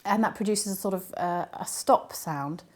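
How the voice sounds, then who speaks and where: A woman linguist answering interview questions, explaining patiently with frequent ums and pauses. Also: medium pitch. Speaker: linguist and university academic.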